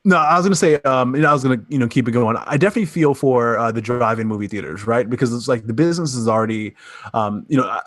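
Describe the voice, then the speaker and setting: A man's voice: medium pitch, fast, no room sound. A man co-hosting a casual podcast, talking things through in a laid-back, profane way. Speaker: podcast co-host.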